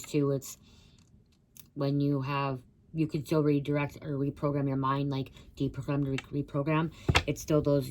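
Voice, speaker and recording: A woman with a rumbling low voice gives a rambling channeled psychic reading, blurting out words she hears and swearing casually. There is background noise.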